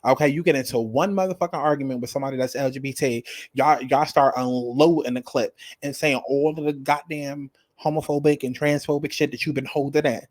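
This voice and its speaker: A man's voice: mid-range voice, steady tone, a little fast, darkish tone, dry recording. A man giving casual, sassy commentary on a reality show, dramatic and profane, addressing the viewer directly.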